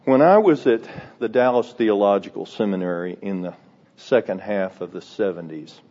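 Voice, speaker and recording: Older male preacher, slow and animated. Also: fairly low pitch. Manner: emphatic, swings from loud stresses to quiet asides. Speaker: pastor. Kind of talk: expository sermon. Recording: dull sound with long hall reverb.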